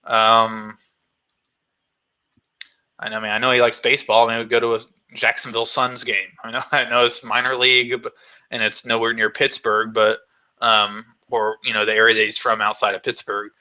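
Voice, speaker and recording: A man's voice: on the low side, level tone, moderate pace, bright, forceful tone, clean tone, lo-fi sound. A man vlogger hosting a live Q&A, chatting casually in a rambling, enthusiastic way with lots of fillers.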